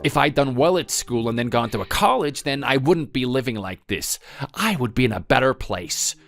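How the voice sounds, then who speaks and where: A man's voice: mid-range voice, lively intonation, moderate pace, fairly bright tone. A man playing a bitter, drunk adult son who blames his mother for his failures in an accusing, self-pitying way. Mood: resentful. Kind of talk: dramatized family story reading.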